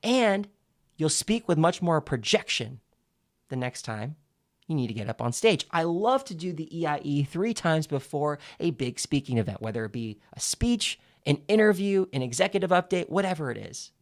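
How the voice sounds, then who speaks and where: Guy teaching how to speak better, really expressive up and down voice, shows the exercises as he goes. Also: fairly high pitch, moderate pace. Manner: animated, demonstrates exercises as he explains; emphatic, clear enunciation. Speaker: public speaking coach. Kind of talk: instructional video lesson.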